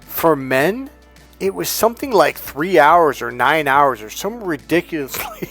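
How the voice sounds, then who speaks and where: A man's voice: fairly high pitch, expressive, unhurried, fairly bright tone, soft background music. A man who is a dating coach, talking off the cuff to camera in a rambling, profane way and acting out grunts and crying babies.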